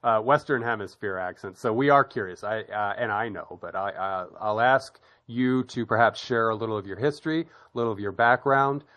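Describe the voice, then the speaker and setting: An American man opens and hosts a podcast interview in a low, unhurried voice. He rambles a little and leans on fillers as he talks. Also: a bit bright, no echo. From United States. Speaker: podcast host.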